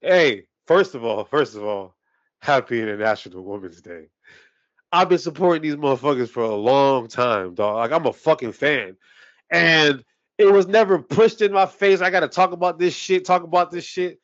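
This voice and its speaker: High-voiced guy ranting about sports on a podcast, swears a lot, dry dull sound. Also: animated, normal speed, dry recording. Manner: profane, ranting, heated. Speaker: podcast co-host. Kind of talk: casual sports talk.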